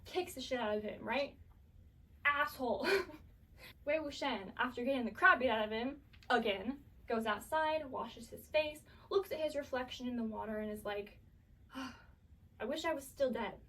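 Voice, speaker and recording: A woman's voice: on the high side, moderate pace, pushed and bright, far from the mic, rough recording. Chaotic, swearing woman recapping a show. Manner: chaotic, profane, full of fillers. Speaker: vlogger recapping a drama series. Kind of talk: casual recap.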